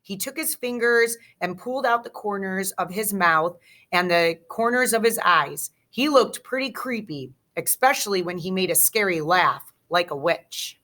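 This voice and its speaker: A woman teacher reading a children's chapter book aloud with slow, expressive storytelling. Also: medium pitch.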